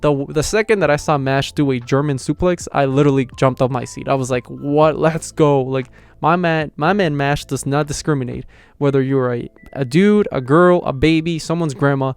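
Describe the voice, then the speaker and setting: A young man excitedly recapping an anime episode in slangy, casual talk. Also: mid-range voice, fairly quick, smooth. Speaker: anime reviewer.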